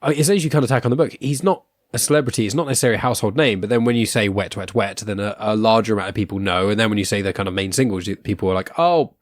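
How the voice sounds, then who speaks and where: A young man hosts a podcast in an easy, rambling chat. He restarts sentences and laughs often. His voice sits low and sounds dry and close to the mic. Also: fairly even intonation, racing, dry recording. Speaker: podcast host.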